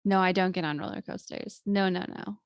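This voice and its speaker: A woman's voice: mid-range voice, fairly even intonation, a little fast, creaky, dry recording, clean studio sound. A young woman co-hosting a podcast in casual chat, adding short replies and telling her own stories. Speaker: podcast co-host.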